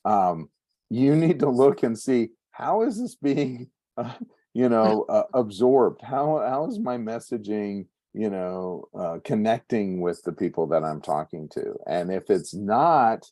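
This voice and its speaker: Male instructor, low and warm, dry close sound, chatty lecture style. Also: lively intonation, unhurried, no room sound. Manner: conversational, frequent "right?" tag questions. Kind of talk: class lecture on communication.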